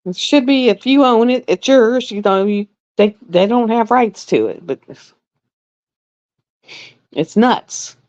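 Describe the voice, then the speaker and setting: A middle-aged woman hosting a live stream in casual chat, blunt and repetitive, often quoting herself in an even higher voice. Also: normal speed. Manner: chatty, blunt, drawling, repeats herself. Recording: dry, dull lo-fi sound.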